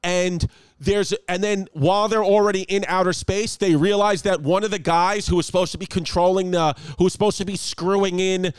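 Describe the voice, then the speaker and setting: A man's voice: high-pitched, fairly even intonation, moderate pace, clean tone, no echo. A man in his thirties hosting a casual podcast from home, rambling and joking with plenty of swearing. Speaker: podcast host and comedian. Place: home apartment.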